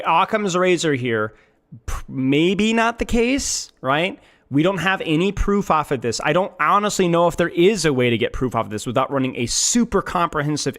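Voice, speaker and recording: High, lively male streamer ranting. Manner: emphatic, repeats himself. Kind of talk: ranting gaming commentary.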